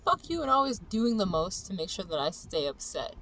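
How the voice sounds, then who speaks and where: A woman's voice: medium pitch, very animated, a little fast, few pauses, a bit bright, poor audio. A young woman vlogger ranting angrily and profanely about someone, in a heated, personal way. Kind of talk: angry personal vlog rant.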